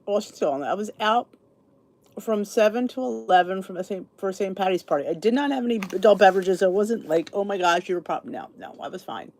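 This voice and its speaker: Chatty, lively-pitched tired woman host. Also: a little fast. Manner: chatty, rambling, greets viewers by name. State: tired, sleepy. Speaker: podcast host. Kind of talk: casual live-stream chat.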